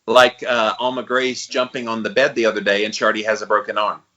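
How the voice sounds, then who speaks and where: A man in his forties co-hosting a podcast in casual chat, thinking out loud with hesitant restarts. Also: lowish voice, flat delivery, quick pace, lo-fi sound. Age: 40s. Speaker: podcast co-host.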